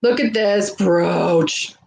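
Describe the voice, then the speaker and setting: A woman with a Canadian accent, hosting a live vintage sale and chatting warmly with viewers as she shows jewelry. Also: medium pitch, extremely slow, creaky, low-quality recording. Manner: chatty and gushing, greets viewers by name. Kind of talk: casual live-stream selling.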